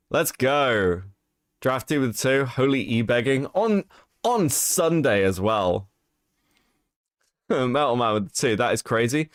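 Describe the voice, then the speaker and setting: A man's voice: medium pitch, no echo, studio quality. A man co-hosting a livestream, mocking and profane, laughing often as he reads out donations. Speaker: podcast co-host. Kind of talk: livestream commentary.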